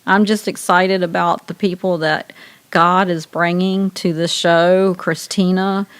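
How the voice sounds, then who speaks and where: A woman's voice: fairly low pitch, flat delivery, unhurried, clear, resonant tone. Chatty Southern woman co-hosting. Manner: chatty, laughs often, tells stories at length. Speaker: radio show co-host. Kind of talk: casual chat.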